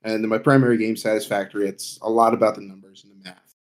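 A man's voice: on the low side, little pitch movement, quick pace. A man talking plainly as a guest on a casual streaming podcast.

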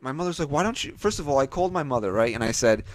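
A man's voice: mid-range voice, very animated, rapid-fire, dry recording. Podcast guy rambling thru a story, does everyone's voices, dry close mic. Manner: rambling, acts out quoted voices. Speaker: podcast co-host. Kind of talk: casual chat.

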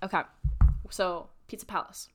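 A young adult woman co-hosting a podcast, telling stories in animated casual chat and laughing through her words. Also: lowish voice, moderate pace, noisy background. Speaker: podcast co-host.

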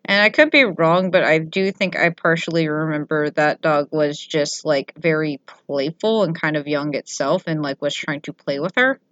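A woman's voice: sits low, moderate pace, few pauses, a bit bright, dry recording. Chatty young woman, rambling storyteller. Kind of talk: casual chat. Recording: dry, slightly muffled audio.

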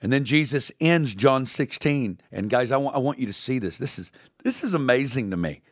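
A man's voice: medium pitch, lively intonation, moderate pace, no echo, clean studio sound. A man co-hosting a casual Bible discussion. He reads scripture aloud reverently and talks about it with emphatic amazement.

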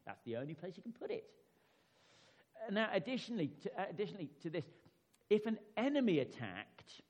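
A man's voice: sits high, sing-song, a little fast, darkish tone. A man preaching a sermon in a conversational way, often tossing rhetorical questions to his congregation. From England. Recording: reverberant hall, slightly dull sound.

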